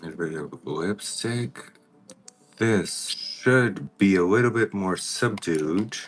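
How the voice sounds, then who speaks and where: A man doing a makeup transformation on a livestream, talking casually to viewers and now and then greeting them by name in an excited high voice. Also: slow pace, soft background music. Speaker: makeup artist vlogger.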